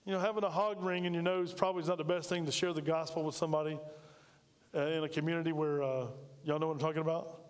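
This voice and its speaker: A man's voice: fairly high pitch, little pitch movement, rapid-fire. A man preaching a sermon in a chatty way, full of asides and rhetorical questions. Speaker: pastor. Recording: reverberant hall.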